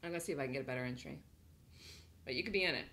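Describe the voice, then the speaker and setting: A woman's voice: very deep voice, very fast, a bit bright, slight background noise. A woman hosting a live day trading room, chatting casually, laughing often and thinking aloud as she calls trades.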